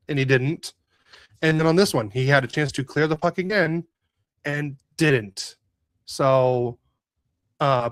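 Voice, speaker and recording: A man's voice: mid-range voice, dry recording. Rambling man recapping hockey, dry sound. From Southern California. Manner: rambling, frequent fillers and restarts, rueful. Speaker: podcast co-host. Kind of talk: casual sports podcast recap.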